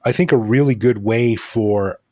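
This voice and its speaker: A man's voice: mid-range voice, moderate pace, dark tone, dry recording, studio quality. A man hosting a podcast, chatting in a loose, enthusiastic, rambling way. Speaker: podcast host. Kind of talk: casual conversational interview.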